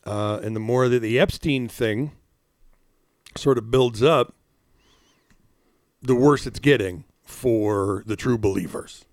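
A man hosting a news-comedy podcast, chatting casually and reading news with wry deadpan asides. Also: mid-range voice, slow, pauses often, no echo, studio quality. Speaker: podcast host.

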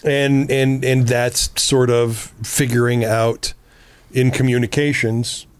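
Slow and smooth, with a mid-range voice on a dry recording, a man co-hosts a relationship podcast. He gives casual advice bluntly and with plenty of profanity, animatedly quoting himself.

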